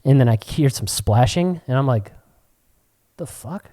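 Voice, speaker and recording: A young male podcast co-host spinning a casual anecdote. His pitch swings widely, and he jumps into squeaky, shouted voices when he quotes people. He swears freely throughout. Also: normal speed. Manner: animated storyteller, swears a lot, yelps into high quoted voices. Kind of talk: casual chat.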